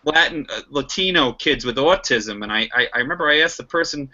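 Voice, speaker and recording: Heated young man with a bright edge. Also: mid-range voice, brisk. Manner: animated, heated, many restarts. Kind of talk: casual political discussion. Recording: muffled lo-fi recording.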